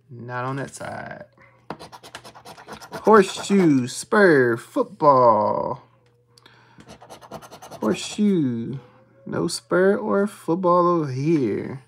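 Streamer, slow and unhurried, lists ticket symbols, soft mutters, faint scratching behind. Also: mid-range voice, slight background noise. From Texas. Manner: reads symbols aloud in a steady list, dropping to hushed mutters when checking. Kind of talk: casual play-by-play of scratching tickets.

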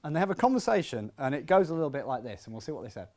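A man, a physics professor, giving a lively and conversational public science lecture in a hall, with self-deprecating asides. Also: medium pitch, rapid-fire, a little hiss or hum.

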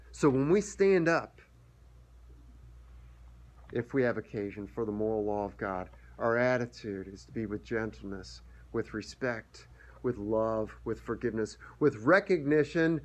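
A man preaching a sermon as pastor, earnest, often restarting his words and reading scripture passages aloud. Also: on the low side.

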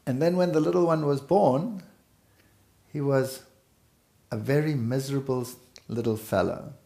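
A man's voice: mid-range voice, gravelly, warm tone. A middle-aged man from South Africa, earnestly recounting his family's past in a conversation. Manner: slow, earnest storytelling. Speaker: speaker telling life story. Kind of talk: personal testimony in conversation.

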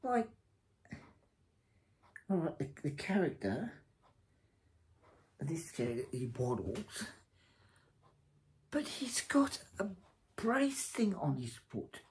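A man's voice: fairly high pitch, very animated, slow pace, pauses often. A man giving a casual spoken review of a TV series. He rambles and hesitates, and his verdicts are blunt and scornful.

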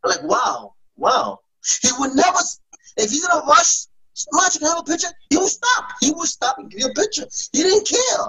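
A man's voice: extremely high pitch, big pitch swings, fairly quick, sharp tone, low-quality recording. A man being interviewed, sharing stories about his father with emotion and loose street speech. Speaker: interview guest. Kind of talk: casual interview storytelling.

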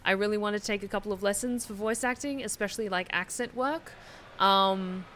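Casting note: woman streamer, bright, forceful voice, chatty and foul-mouthed, loose live-stream delivery. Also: mid-range voice, a little fast, a little hiss or hum. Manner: chatty, swears freely, talks to chat. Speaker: streamer and hobby voice actor. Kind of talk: casual live-stream chat while gaming.

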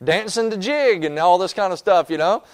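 A naive fly who wants to follow the crowd, eager and pleading, played by a male preacher. The voice sits high and runs quick, a story told from the pulpit. The tone stays smooth and clear. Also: animated, no room sound. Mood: amazed.

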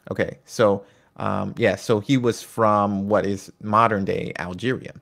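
A man's voice: on the low side, steady tone, a little slow, creaky, fairly bright tone. A man presenting a casual lesson on church history, talking conversationally with asides and personal anecdotes. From United States. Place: home in Virginia.

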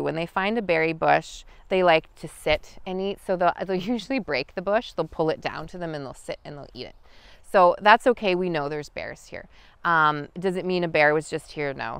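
A woman guiding an outdoor lesson in the forest, talking in a relaxed, chatty way with many fillers. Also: on the low side, creaky, smooth, dry recording. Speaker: wild food guide. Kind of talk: outdoor teaching talk.

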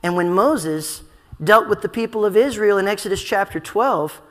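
A man's voice: sits high, animated, a bit bright. Man preaching emphatically in a reverberant hall. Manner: emphatic, slows down to stress scripture words; playful aside to the congregation. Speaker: pastor. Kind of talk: sermon.

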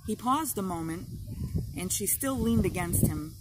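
A woman reads an audiobook aloud in a slow, measured way. Her voice sits at a middle pitch for a woman. The delivery is steady, unhurried storytelling. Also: slight background noise, poor audio. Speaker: audiobook narrator. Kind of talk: audiobook narration.

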